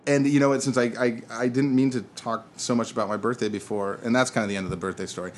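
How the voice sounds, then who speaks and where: A man's voice: mid-range voice, fairly even intonation, fast talker, slight background noise. A man in his thirties co-hosting a casual podcast chat, telling rambling stories and laughing at them. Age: 30s. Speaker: podcast co-host.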